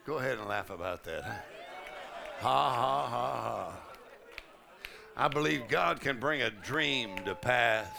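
A man preaching at a conference, shouting and laughing loudly as he preaches. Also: medium pitch, animated, moderate pace, vocal fry, noisy background. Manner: shouting, laughing loudly, Southern colloquial speech. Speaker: pastor. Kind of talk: charismatic preaching sermon. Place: large conference hall.

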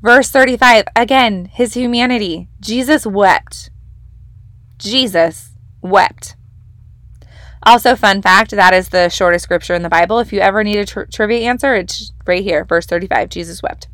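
A woman's voice: mid-range voice, brisk, hardly any pauses, a bit bright, dry recording, clean studio sound. A young woman hosting a devotional podcast, teaching from the Bible in a casual, enthusiastic, emphatic way. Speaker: podcast host leading a devotional.

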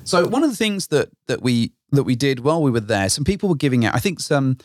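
Man, podcast co-host, rambling anecdote, laughs a lot, mid-pitched voice. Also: very animated, quick pace. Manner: rambling, self-correcting storyteller who laughs often. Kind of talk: casual chat.

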